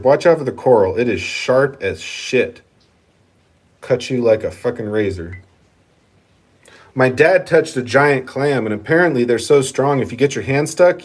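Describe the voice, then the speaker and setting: A man chatting casually in a vlog, reading viewer comments and swearing freely while he rambles. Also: mid-range voice. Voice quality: profane, rambling, laid-back. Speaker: channel host.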